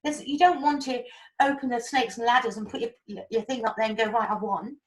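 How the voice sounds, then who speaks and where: A woman giving animated, chatty spiritual guidance and explaining with homely analogies. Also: fairly high pitch, a little fast, poor audio. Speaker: spiritual guide. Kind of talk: casual spiritual talk.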